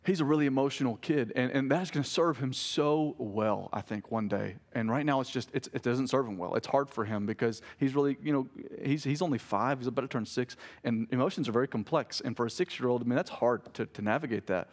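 This thirtysomething pastor preaches in a brisk, medium-pitched voice with hardly any pauses. He keeps it conversational, telling family stories and joking with the congregation, including jokes he corrects himself on.

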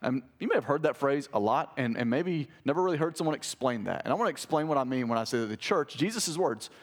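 A man preaching a sermon, animated and conversational, with asides to the congregation and quick restarts. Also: medium pitch. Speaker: pastor.

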